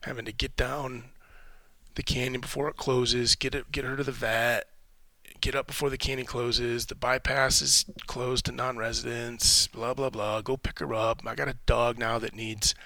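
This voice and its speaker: A man's voice: mid-range voice, flat delivery, moderate pace, creaky, pushed and bright, no room sound. A man hosting a podcast, a military veteran, talking in a rambling, candid, reflective way and cursing casually. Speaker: podcast host.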